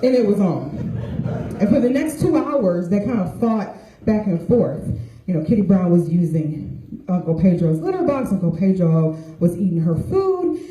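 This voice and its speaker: A woman's voice: medium pitch, animated, normal speed, mellow. A middle-aged woman doing a stand-up comedy set, telling stories and voicing the people in them. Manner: storytelling with voiced quotes of others. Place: stage with audience laughter. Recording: echoey room.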